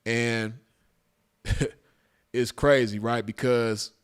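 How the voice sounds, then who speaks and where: A man's voice: mid-range voice, flat delivery, very slow, clean tone. A man casually telling a personal story to his viewers, slangy and cursing freely, laughing at his own tale. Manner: laid-back, slangy, cursing, breaks into laughter.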